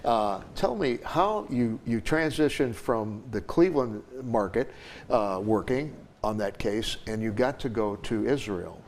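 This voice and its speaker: Older male talk show host, deep voice. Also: animated, measured pace, slight background noise. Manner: frequent fillers, short agreeing interjections.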